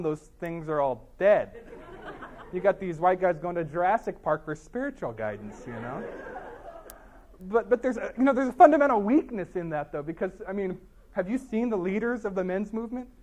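A man with a high-pitched voice is telling a story on stage before an audience. His humor is dry and wry. He talks in loose, rambling asides full of "you know" and restarts his sentences. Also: animated, fairly quick, a little mellow, a faint crowd. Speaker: author giving a talk.

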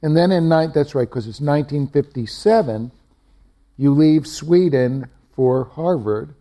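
A man's voice: fairly high pitch, expressive, a little slow, mellow. A man interviewing a guest, asking questions that walk through the guest's life timeline.

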